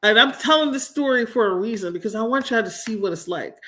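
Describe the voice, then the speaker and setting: A woman's voice: on the high side, animated, quick pace, sharp tone. A woman in her forties hosting a livestream from home, telling a story in a blunt, emphatic, profane way. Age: 40s. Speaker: streamer host. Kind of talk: casual livestream talk.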